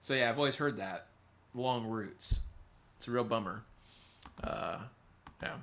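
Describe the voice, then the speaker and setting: A man's voice: medium pitch, unhurried, fairly bright tone. A man hosting a livestream, telling rambling stories to chat and getting sidetracked as he answers comments. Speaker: livestream host. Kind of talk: casual storytelling to chat.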